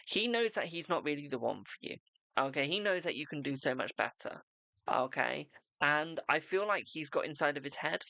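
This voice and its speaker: A man's voice: fairly high pitch, pushed and bright, no room sound. A young man hosting a live-streamed tarot reading, reassuring and repetitive, calling the viewer "my darling" and checking in with "okay?".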